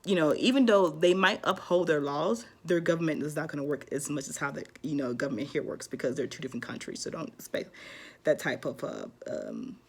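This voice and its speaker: This vlogger has a husky, low-sitting voice with big pitch swings and talks a little fast. She gives her audience advice casually but rambles, with plenty of fillers and false starts.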